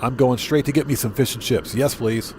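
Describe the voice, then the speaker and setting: A man's voice: medium pitch, fairly even intonation, a little fast, background noise. A man livestreaming a video game, chatting casually with viewers and repeating himself for emphasis. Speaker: streamer.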